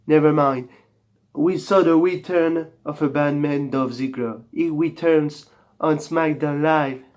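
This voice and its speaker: A French-accented man, French by birth, talks at a remarkably unhurried crawl in a slightly raised voice. He hosts a playful parody talk-show intro for his wrestling review channel, drawing out each phrase in a mock-sweet way before breaking into comic outbursts. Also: a little high, fairly even intonation, darkish tone. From France.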